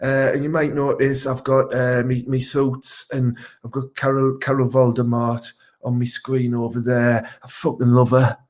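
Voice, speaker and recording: A man's voice: mid-range voice, flat delivery, moderate pace, a little mellow, close to an everyday voice. A man with a Teesside accent playing a crude, boastful local superhero wannabe, rambling and swearing through a live comedy Q&A. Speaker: comic superhero character.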